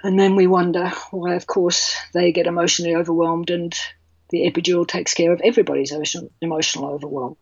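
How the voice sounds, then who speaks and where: A woman's voice: lowish voice, level tone, quick pace, a little mellow, husky, dry recording, highs cut off. A woman, speaking passionately and bluntly as a childbirth educator in an interview. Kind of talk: podcast interview.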